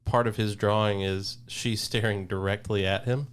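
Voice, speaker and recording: A man on a casual podcast, telling a story in a dry, deliberate way. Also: fairly low pitch, fairly even intonation, clean tone. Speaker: podcast co-host.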